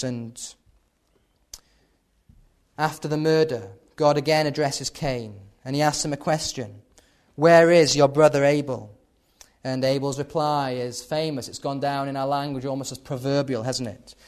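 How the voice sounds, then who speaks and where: A man preaching a sermon, building to loud emphatic peaks and then dropping low. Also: clear, resonant tone.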